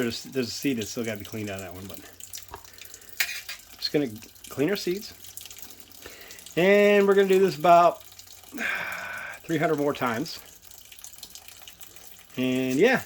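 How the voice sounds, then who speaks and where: A man's voice: fairly high pitch, a little hiss or hum. A man hosting a casual home cooking demonstration in his kitchen, rambling and chatty and poking fun at himself. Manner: rambling, chatty, self-mocking. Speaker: cooking video host.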